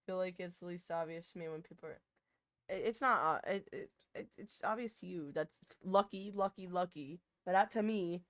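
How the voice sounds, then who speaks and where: A young woman streamer chatting casually with her chat, rambling and interrupting herself, now and then breaking into loud laughter. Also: lowish voice, moderate pace, no room sound.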